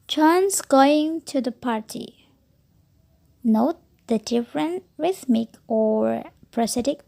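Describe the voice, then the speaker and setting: A woman lecturer reads textbook material aloud at a slow, deliberate pace. Her fairly high voice has a gravelly, fry-edged texture and a mellow, dark tone. She occasionally stumbles over a word and corrects herself. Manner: slow, careful reading with occasional self-corrections.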